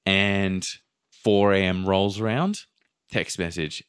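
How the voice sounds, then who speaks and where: Low male storyteller, casual podcast chat, lively quoted voices. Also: unhurried, clean tone. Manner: animated, acts out quotes, swears casually. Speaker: podcast host telling a travel story.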